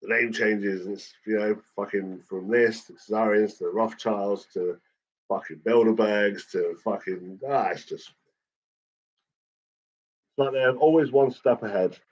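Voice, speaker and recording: A man's voice: on the low side, takes it slowly. A man ranting in a casual chat, swearing constantly as he talks. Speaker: channel host. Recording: dull lo-fi recording.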